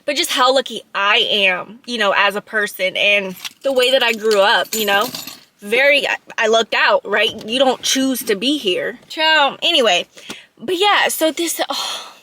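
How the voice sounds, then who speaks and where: A woman's voice: fairly high pitch, a little slow, pushed and bright, a little hiss or hum. A woman chatting casually about books on her vlog, emotional and talking straight to her viewers. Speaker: book vlogger. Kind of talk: casual book review chat.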